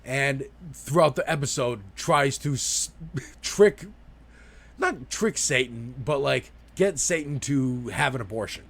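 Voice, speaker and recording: A man's voice: medium pitch, animated, slow, creaky, a bit bright. A man giving a loose, profane spoken review of a TV episode, laughing often. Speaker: TV show reviewer.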